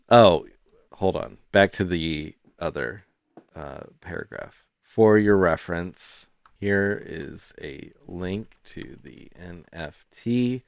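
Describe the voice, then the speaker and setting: A young man co-hosting a comedy podcast, talking in a casual, deadpan, drawn-out way. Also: deep voice, clean tone, no room sound, studio quality. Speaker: podcast co-host.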